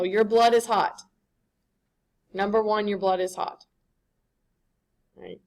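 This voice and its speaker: A woman's voice: mid-range voice, steady tone, slow pace, a little mellow. A woman giving a classroom lecture, conversational and often checking in with the students.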